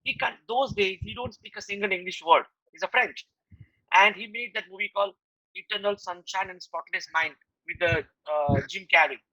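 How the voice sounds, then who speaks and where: A man's voice: sits high, moderate pace, bright, forceful tone, no room sound, rough recording. A middle-aged Indian man with an Indian accent, an advertising guest speaker talking earnestly to art students in simple, plain English. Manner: earnest, advising, simple non-native English phrasing.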